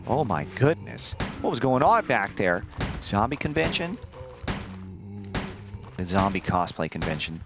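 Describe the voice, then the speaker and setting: A man streaming a video game, chatting casually and telling a rambling, profane story in an animated way. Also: on the low side, a little slow, vocal fry, long pauses, over music. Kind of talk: casual gameplay commentary.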